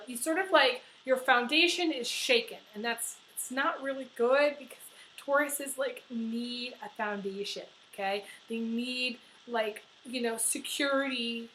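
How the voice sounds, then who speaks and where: Middle-aged woman doing a tarot reading, bright voice kinda high, blunt and swears a lot, faint hiss behind. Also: rough recording. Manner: blunt, chatty, swears freely, many fillers. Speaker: tarot reader. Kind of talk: casual tarot reading to camera.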